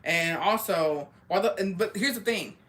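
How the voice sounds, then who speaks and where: Bright-voiced young woman, blunt and profane. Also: lowish voice, a little slow. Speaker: streamer. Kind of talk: casual storytelling.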